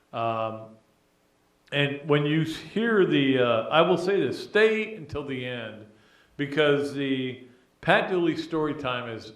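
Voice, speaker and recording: Middle-aged male podcast host, rambling and animated, mid-pitched voice, roomy echo. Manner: animated, rambling, emotional, many restarts. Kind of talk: casual sports talk monologue.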